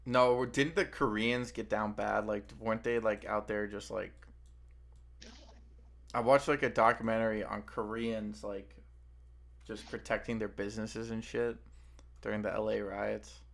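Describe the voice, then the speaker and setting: A man's voice: fairly low pitch, steady tone, measured pace, vocal fry, a bit bright. A young man co-hosting a stream, chatting casually in a laid-back, slangy way with lots of filler words. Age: young adult. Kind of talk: casual chat.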